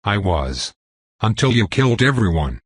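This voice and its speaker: A man's voice: lowish voice, big pitch swings, normal speed, breathy edge, no room sound. Man doing a cornered old-soldier war mage, bitter, talks back, dry mic. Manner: defiant, bitter. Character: embattled veteran male war mage, head of security.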